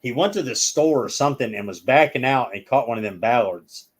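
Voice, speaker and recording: A man's voice: medium pitch, expressive, a little fast, slightly rough. A man with an ordinary mid-range voice spins long stories as a guest in a casual chat. He rambles from one detail to the next and acts out what each person said.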